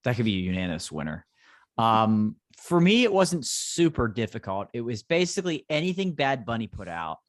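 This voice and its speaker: A man's voice: medium pitch, big pitch swings, moderate pace, dry recording, clean studio sound. A man co-hosting a casual podcast, teasing the others with a wry tone and laughing often. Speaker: podcast co-host. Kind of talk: casual chat.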